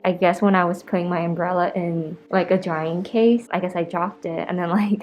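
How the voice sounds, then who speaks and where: A woman's voice: lowish voice, steady tone, fairly quick, hardly any pauses, a little mellow, slight background noise, low-quality recording. A young woman in a casual vlog, chatty and rambling, laughing often as she talks to her handheld camera. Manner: chatty, giggly, rambling with many "like"s. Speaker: vlogger. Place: outdoors in rain and wind, then indoors at home.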